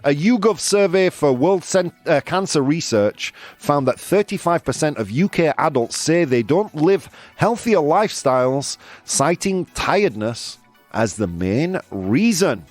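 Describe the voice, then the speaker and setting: A man's voice: on the high side, animated, measured pace, no echo, faint music behind. A man hosting a live news quiz stream, chatting playfully with viewers and laughing often. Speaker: host.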